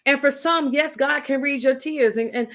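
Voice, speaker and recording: A woman's voice: high voice, moderate pace, fairly bright tone. A woman giving a motivational faith talk as a writing coach, speaking emphatically and repeating phrases the way a preacher does. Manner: emphatic, repetitive, preacherly storytelling.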